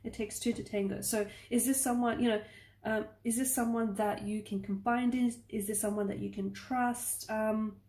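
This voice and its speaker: A woman's voice: fairly high pitch, steady tone, moderate pace, a little mellow. Woman doing a chatty tarot reading. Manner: rambling, reassuring, frequent "okay?" check-ins. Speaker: tarot reader. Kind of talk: casual tarot reading to camera. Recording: echoey room with faint noise.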